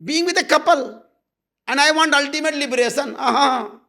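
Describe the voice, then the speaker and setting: High-pitched gravelly spiritual teacher. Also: male voice, normal speed, bright, forceful tone. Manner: blunt and intimate, calling listeners "my love". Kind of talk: satsang talk.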